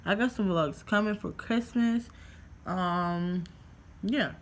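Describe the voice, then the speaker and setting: A woman's voice: mid-range voice, slow pace. Rambling young woman telling a story. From New York. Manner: rambling, heavy filler words, swearing. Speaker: vlogger. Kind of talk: casual storytime vlog.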